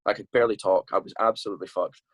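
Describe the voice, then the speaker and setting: A man's voice: on the low side, fairly even intonation, very fast, a bit bright, slight background noise. A Scottish man telling a rambling, sweary tour story as a podcast guest, with lots of restarts. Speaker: guest musician.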